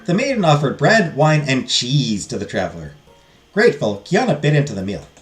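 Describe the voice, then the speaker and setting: A let's play host narrating a visual novel aloud, with an expressive read. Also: medium pitch, fairly quick, soft background music.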